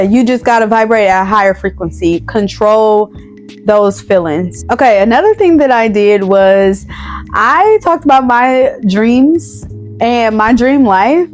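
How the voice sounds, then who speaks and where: A woman's voice: medium pitch, lively intonation, measured pace, soft background music. Emphatic woman giving motivational advice. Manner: emphatic, repeats key phrases, speaks straight to viewers. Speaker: nurse practitioner sharing life advice. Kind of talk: motivational casual talk to camera.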